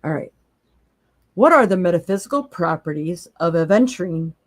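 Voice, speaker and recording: A woman's voice: lowish voice, expressive, normal speed, dry recording, studio quality. A woman hosting a live psychic tarot stream, talking casually, laughing often and giving blunt encouragement. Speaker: psychic tarot reader, podcast host.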